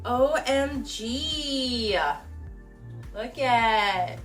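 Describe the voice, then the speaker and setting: At home, with someone else filming on the camera mic, a young YouTuber unboxes a gift, giggling and gushing in an emotional, casual way. She draws out her words in a fairly bright, high-leaning voice, and soft music plays behind her.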